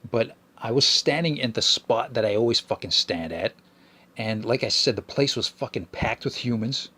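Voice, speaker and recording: Speaking at normal speed with a medium pitch, this man's voice is pushed and bright with a breathy edge. Hosting his podcast, he rants and whines profanely, rambling and full of restarts.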